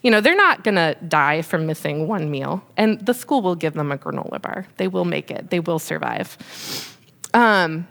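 A woman's voice: lowish voice, expressive, moderate pace, gravelly, a bit bright. A woman in her thirties, a mother speaking to an audience about parenting, candid and conversational with many fillers. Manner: emotional, fighting back tears. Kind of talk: personal talk to an audience.

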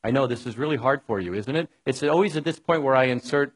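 Husky-voiced New preacher. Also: male voice, mid-range voice, fast, poor audio. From New York. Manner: chatty, wry, talks straight to listeners. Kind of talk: conversational sermon.

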